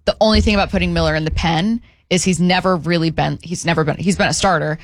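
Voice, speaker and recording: A woman's voice: lowish voice, fairly even intonation, fast, dry recording. Opinionated woman talking baseball. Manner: opinionated, restarts often. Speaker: co-host. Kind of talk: casual sports talk.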